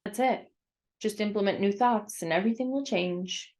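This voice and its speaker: A woman's voice: mid-range voice, moderate pace, darkish tone. Blunt woman reacting critically. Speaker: video reactor commenting on a clip. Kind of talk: casual reaction commentary.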